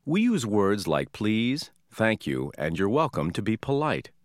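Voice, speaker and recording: A low-voiced man teaching about polite speech, reading a script clearly and evenly. His pitch rises and falls in broad sweeps, and the recording is dry and close. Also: sing-song, a little slow, dry recording. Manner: clear, explanatory delivery. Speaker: language teacher. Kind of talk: scripted explanation.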